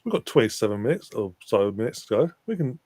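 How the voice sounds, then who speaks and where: A man's voice: on the low side, sing-song, fast talker, darkish tone, a little hiss or hum. A man guesting on a casual live chat who drops in short, wry quips. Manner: wry one-line quips. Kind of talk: casual banter.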